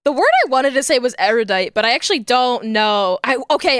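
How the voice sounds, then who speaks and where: A woman's voice: a little high, animated, a little fast, fairly bright tone, dry recording, studio quality. A woman streamer chatting casually with her viewers, rambling, giggling often and searching for words.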